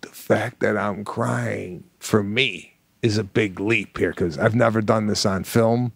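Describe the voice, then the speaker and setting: A middle-aged man, a comedian co-hosting a podcast, telling a story with animated energy and acting out the dialogue. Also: lowish voice, creaky, breathy edge, no echo. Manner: animated, acts out dialogue, fast bursts. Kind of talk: comic storytelling.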